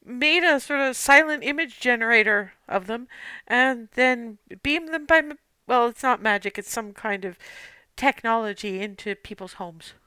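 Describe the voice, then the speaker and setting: A woman running a tabletop game as game master, explaining things in a lively way. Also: on the high side, normal speed, clean tone, no echo.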